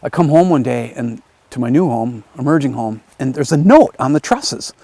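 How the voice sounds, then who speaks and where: A man's voice: medium pitch, normal speed, vocal fry, dry recording. A man teaching a video class, telling a conversational story and acting out other people's lines as he goes. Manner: conversational, lively retelling with acted quotes. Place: his home area in the countryside.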